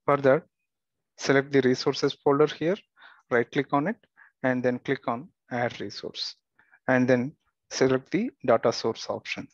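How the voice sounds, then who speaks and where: Male tutorial instructor, even mid pitch, dry muffled lo-fi mic, plain walkthrough delivery. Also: measured pace, dry recording. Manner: steady step-by-step instructions with occasional fillers and restarts. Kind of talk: screen-recorded software tutorial.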